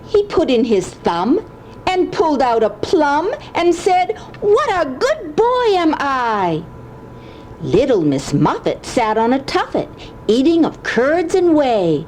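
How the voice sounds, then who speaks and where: An older woman, a grandmother, slowly reciting nursery rhymes in a sing-song way. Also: sits high, huge pitch swings, a little mellow, a little hiss or hum.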